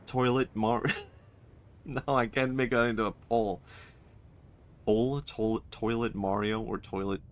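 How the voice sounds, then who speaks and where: A man's voice: mid-range voice, steady tone, takes it slowly, long pauses. A male streamer giving casual, joking commentary while playing a game, laughing often and swearing freely.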